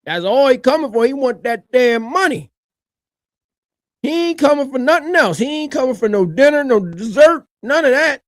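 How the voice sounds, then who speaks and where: A man giving animated reaction commentary on a video, colloquial, swinging from low mutters to loud high shouts. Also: normal speed, dry recording.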